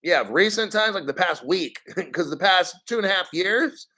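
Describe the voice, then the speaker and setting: Crypto stream host, a man in his fifties, slightly high voice, swears freely and rants with sarcasm. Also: expressive, normal speed, pushed and bright, low-quality recording. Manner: profane, ranting, sarcastic. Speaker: crypto news show host. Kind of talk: livestream news commentary.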